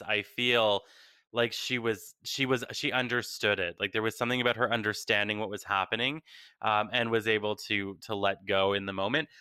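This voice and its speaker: A man co-hosting a call-in show as a psychic medium, speaking gently and reassuringly with many fillers. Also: mid-range voice, clear, resonant tone, no room sound.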